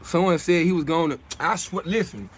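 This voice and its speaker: A man's voice: on the high side, a little fast, slight background noise. A young man hosting a casual livestream, talking in streetwise slang in a preachy way, often repeating his points. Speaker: livestream host.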